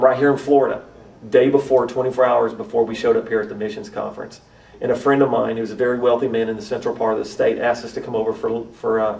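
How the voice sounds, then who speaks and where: A man's voice: mid-range voice, darkish tone, distant mic, rough recording. A man, a missionary to urban youth, earnestly telling a personal testimony at a church conference, often repeating and restarting phrases. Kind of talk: testimony storytelling.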